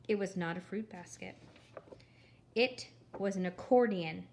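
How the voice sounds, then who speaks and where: A woman's voice: medium pitch, measured pace, a little mellow. Wry woman reading a children's storybook. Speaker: storybook reader. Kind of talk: storybook narration.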